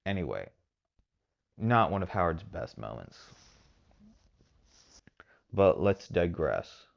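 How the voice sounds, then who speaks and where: A man's voice: low voice, big pitch swings, takes it slowly, creaky, muffled recording. A man from Texas hosting a podcast, giving rambling casual commentary with lots of fillers and hedges. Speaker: podcast host.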